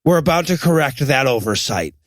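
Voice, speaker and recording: A man co-hosting a comedic movie review podcast, animated and mocking the film's lines. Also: medium pitch, a little fast, no echo. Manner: animated, mocks film lines with shouted quotes. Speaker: podcast co-host.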